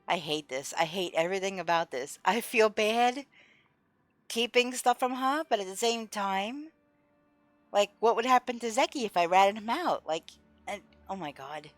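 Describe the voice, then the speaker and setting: A woman's voice: medium pitch, lively intonation, normal speed, no echo, soft background music. A woman live-streaming a game, chatting casually with her viewers and openly voicing her frustration.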